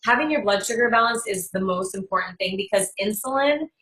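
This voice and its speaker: A woman's voice: on the high side, animated, brisk, fairly bright tone, rough recording. A woman in casual chat on a live call, recommending products and acting out quoted talk. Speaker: product presenter.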